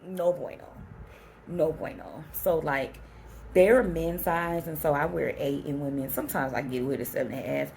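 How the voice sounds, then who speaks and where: A woman's voice: deep voice, steady tone, normal speed, creaky, darkish tone, a little hiss or hum. A woman travel vlogger giving a chatty, rambling recap to the camera. She restarts her sentences often and exclaims as she tells the story. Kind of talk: casual trip recap to camera.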